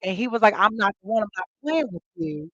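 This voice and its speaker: Woman host, casual chat, animated storyteller who acts out quotes; dry, slightly dull lo-fi mic. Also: fast, vocal fry, no echo. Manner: animated storytelling, acting out quotes with big pitch jumps. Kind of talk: casual chat to a live audience.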